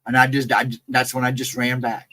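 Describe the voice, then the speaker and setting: A man casually telling a personal encounter story, rambling and jumping sharply higher in pitch when he quotes himself. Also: level tone, a little fast, sharp tone, no room sound, low-quality recording. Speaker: guest storyteller.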